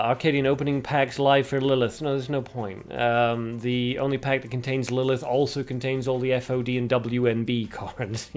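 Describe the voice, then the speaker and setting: Chatty male livestream host. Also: medium pitch. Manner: chatty, reads chat aloud, laughs at own puns. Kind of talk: casual livestream chat.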